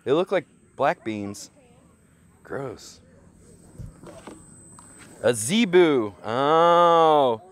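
A man's voice: a little high, animated, extremely slow, long pauses. A man live-streaming from an outdoor petting zoo, talking nonstop with crude, joking banter into a handheld mic. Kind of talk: casual live-stream commentary.

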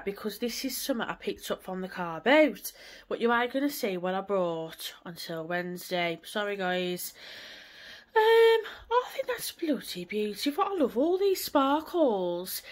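A woman's voice: medium pitch, fairly bright tone. A woman, chatting casually and rambling on in a home vlog from her living room. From England. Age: 20s. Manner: chatty, rambling, swears lightly. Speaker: vlogger.

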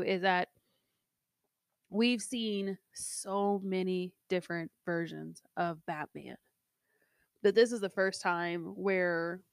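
A woman's voice: lowish voice, clean tone, no echo, clean studio sound. A woman co-hosting a movie review show, chatting casually and rambling with many restarts. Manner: rambling, hesitant, full of restarts. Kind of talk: casual chat.

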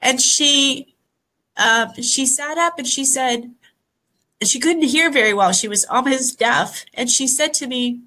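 Woman, emotional, near tears, slow halting delivery, bright higher voice, video call. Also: low-quality recording. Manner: soft, halting, pausing often. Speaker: guest. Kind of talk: emotional personal account.

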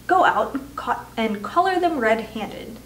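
A woman's voice: expressive, unhurried, fairly bright tone. A woman voicing a bossy, panicky mother who hisses and shrieks. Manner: shrill, hissing. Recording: echoey room from a distance.

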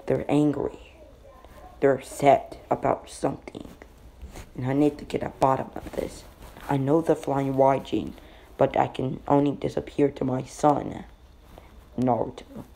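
A worried mother determined to go after her two sons, voiced in a dark, gravelly tone, by a man narrating. Urgent words delivered slowly. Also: medium pitch, little pitch movement, slight background noise, low-quality recording.

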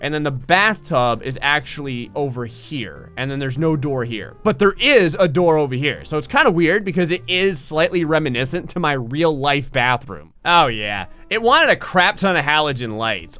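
A young man hosting casual gameplay commentary, telling rambling, animated stories while he plays. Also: on the high side, moderate pace, hardly any pauses, soft background music. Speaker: gaming channel host.

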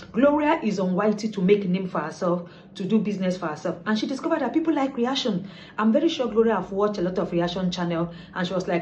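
A woman's voice: medium pitch, brisk. A woman with a Nigerian accent, a lifestyle vlogger chatting casually to camera and slipping into pidgin. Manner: chatty, mixes pidgin, lively asides. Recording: slightly dull lo-fi sound with faint background noise.

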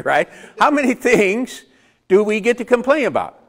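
A man's voice: sits high, sing-song, normal speed, pauses often. A man preaching a conversational sermon, asking the congregation rhetorical questions and chuckling between points. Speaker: pastor.

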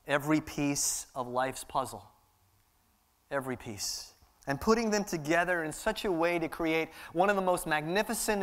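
High-voiced impassioned male preacher. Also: a bit bright. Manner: impassioned, repetitive preaching cadence. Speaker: pastor. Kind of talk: sermon. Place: church sanctuary.

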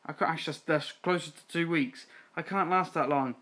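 A young adult playing a life-simulation game and commenting casually, growing exasperated and swearing at the characters, swinging between loud outbursts and tired muttering. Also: medium pitch, brisk. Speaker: gaming channel host. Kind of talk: casual let's-play commentary.

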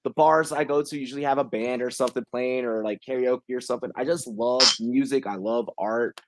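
A man's voice: mid-range voice, steady tone, fairly quick. A man hosting a casual podcast chat who laughs often and repeats words while searching for them. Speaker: podcast host.

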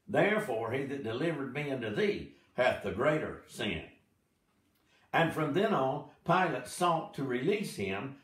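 A man teaching a Bible study, reading scripture aloud slowly and dramatically, with short explanatory asides. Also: medium pitch, fairly bright tone. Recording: echoey room, mic at a distance.

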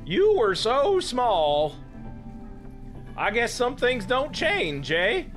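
A man putting on a nosy, bawdy older woman who stretches her words out teasingly. The voice rides up high and sounds bright and lively. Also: drawn-out words, faint music behind, heavily acted.

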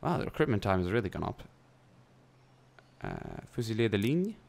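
A young man with a very low voice talks through his turns in a strategy game, chatty and loose. He thinks aloud as he plays, with the odd swear word. He speaks close to a desk mic. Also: sing-song, moderate pace, vocal fry, a little mellow. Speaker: gameplay commentator. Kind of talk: casual let's-play commentary.

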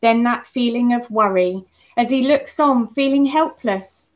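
A woman leading a children's holiday club, telling a story and talking gently to the kids. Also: on the high side, unhurried. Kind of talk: children's talk on a Bible lesson. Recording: muffled lo-fi church recording.

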